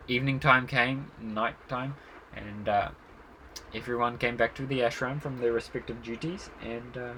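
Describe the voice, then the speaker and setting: A man tells a devotional story in a relaxed way, pausing often on fillers. His voice is bright and clear, with faint noise behind. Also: mid-range voice, poor audio. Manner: relaxed, with frequent fillers and chuckles.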